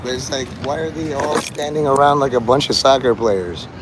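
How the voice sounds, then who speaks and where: Rambling, profane man on a loud street. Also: mid-range voice, moderate pace. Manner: rambling, profane, dark joking asides. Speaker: livestreamer. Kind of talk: rambling street livestream chat. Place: outdoors on a city street. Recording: loud street traffic noise. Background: vehicles and city ambience.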